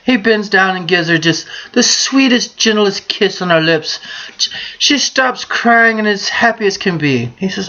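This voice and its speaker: A brash woman vlogger who tells crude jokes over a beer. Her voice is bright and swoops around a lot. The sound is dull and lo-fi. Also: mid-range voice, animated, unhurried. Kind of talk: casual beer-drinking vlog with bawdy jokes.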